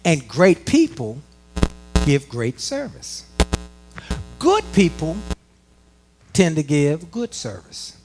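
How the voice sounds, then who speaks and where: A man's voice: a little high, slow pace, long pauses, faint music behind. Middle-aged guy from washington doing a live pep talk to a work crowd, folksy, voice swinging up and down a lot. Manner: animated, folksy, talks straight to the audience. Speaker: motivational speaker. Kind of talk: live motivational speech. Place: conference room before a live audience.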